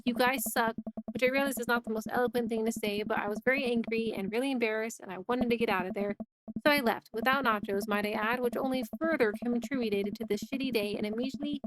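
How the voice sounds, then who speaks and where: A woman's voice: fairly high pitch, a little hiss or hum, close to an everyday voice. A woman voicing an upset teenage girl who rambles emotionally about falling out with her friends. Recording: music playing behind.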